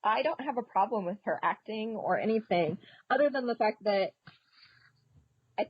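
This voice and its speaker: A woman's voice: medium pitch, animated, moderate pace, slightly rough, no echo, muffled recording. A woman, a podcast guest, chatting casually about a film in a talkative way, often saying "like". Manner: chatty, says "like" a lot and laughs often. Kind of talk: casual movie review chat.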